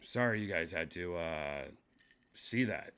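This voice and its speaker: A man with a very deep, low voice hosts a casual podcast. He talks deadpan and trolling, drags his fillers out and mutters quiet asides into a studio mic. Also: unhurried, smooth. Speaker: podcast host.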